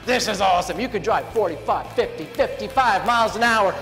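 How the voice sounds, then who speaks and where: A man giving a comedic motivational keynote on stage, animated and playful. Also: very high-pitched, a little fast, hardly any pauses. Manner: animated and playful, acting out funny voices. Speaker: motivational speaker. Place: large event hall on stage. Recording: echoey hall with music underneath. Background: music.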